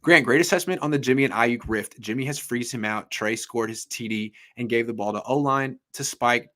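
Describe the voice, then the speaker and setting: A man hosting a casual sports podcast, talking in an animated, jokey way that often trails off and restarts. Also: medium pitch, fairly quick.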